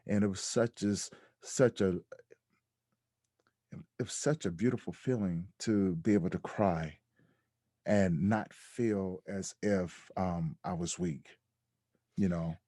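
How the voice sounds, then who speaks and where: Male podcast guest, low and mellow, reflective storyteller, dry close sound. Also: slow, pauses often, no echo. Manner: reflective, animated when quoting others. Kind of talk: candid storytelling interview.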